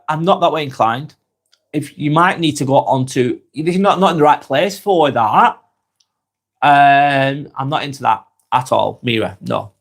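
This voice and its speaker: A man from northwest England with a Lancashire accent, talking calmly on a live stream, reading out viewer comments and musing with frequent repeats and restarts. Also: on the high side. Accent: Lancashire English. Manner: calm, musing, repeats words and restarts often.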